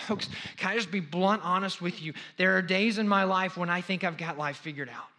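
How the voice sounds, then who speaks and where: High, bright-voiced preacher man. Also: a little fast. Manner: dramatic, swings between pleading loud passages and hushed near-whispers. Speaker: pastor. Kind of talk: sermon.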